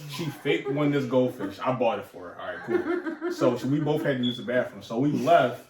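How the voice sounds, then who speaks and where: Young male co-host, lively swinging pitch, swears freely, echoey room. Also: normal speed. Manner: animated storyteller, swears freely, laughs while telling. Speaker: podcast co-host. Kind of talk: casual chat.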